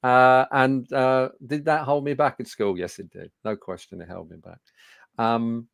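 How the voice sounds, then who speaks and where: A man's voice: medium pitch, fairly even intonation, measured pace, gravelly, clean tone, no echo. A man in his sixties with a Birmingham accent, a speaking coach telling anecdotes to a studio audience with fillers and self-deprecating humour. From Birmingham, England. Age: 60s.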